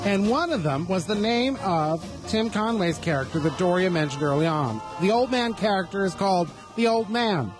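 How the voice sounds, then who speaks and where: A man's voice: high-pitched, a little fast, a little mellow, soft background music. A man hosting a talk radio show, rambling through campy, self-mocking asides in a studio. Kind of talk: casual talk radio chat. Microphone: studio microphone.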